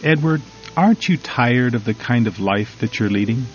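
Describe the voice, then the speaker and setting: A man voicing an earnest older man who gently and patiently counsels a troubled son. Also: medium pitch, animated, moderate pace, natural voice. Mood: patient persuading. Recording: slightly dull recording, faint music.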